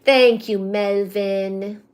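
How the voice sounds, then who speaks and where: A woman's voice: medium pitch, fairly even intonation, extremely slow, darkish tone, smooth. A woman hosting a casual live study stream from home, chatty and full of fillers, cooing baby talk to her cat between topics. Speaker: livestream host. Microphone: computer mic during a livestream.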